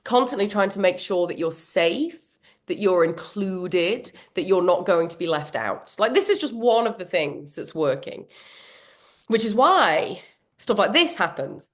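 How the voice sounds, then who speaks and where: A woman leading an online workshop on a video call, animated and quick to laugh, often acting out what goes on in people's heads. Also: medium pitch. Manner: animated, laughs often, acts out inner voices. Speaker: workshop trainer. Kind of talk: live online workshop talk.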